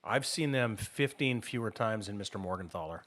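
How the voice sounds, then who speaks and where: A man's voice: fairly low pitch, lively intonation, normal speed, fairly bright tone. A man co-hosting a casual podcast chat with dry, wry humor. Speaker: podcast co-host.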